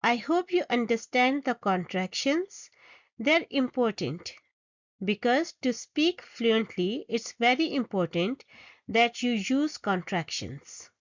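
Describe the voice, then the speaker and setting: A woman's voice: fairly high pitch, animated, slow pace, no echo, muffled recording. A woman teaching English grammar, reading example sentences aloud and explaining each step patiently. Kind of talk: slow, deliberate grammar lesson.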